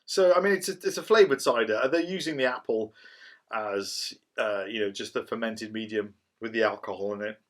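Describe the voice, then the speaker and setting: A middle-aged man, chatting casually through a cider review and rambling as he goes. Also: fairly low pitch. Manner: rambling, chatty, self-described waffler.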